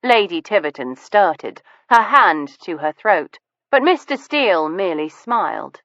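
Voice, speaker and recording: A woman narrating an audiobook in an unhurried, even manner, in a dull, lo-fi recording. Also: on the low side, no room sound. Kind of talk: scripted narration.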